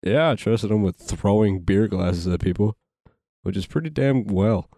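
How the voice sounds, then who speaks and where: Low dry-voiced guy at a game table, sarcastic, swears a lot. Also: moderate pace, gravelly, dark tone, dry recording. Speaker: player. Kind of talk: casual tabletop play.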